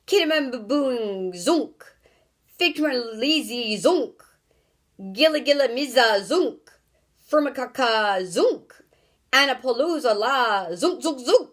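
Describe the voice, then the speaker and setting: A woman voicing an eccentric man who shouts and chants made-up words. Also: on the high side, animated, pitched above the performer's own voice. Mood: theatrical chant. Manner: loud, theatrical, drawn-out chanting.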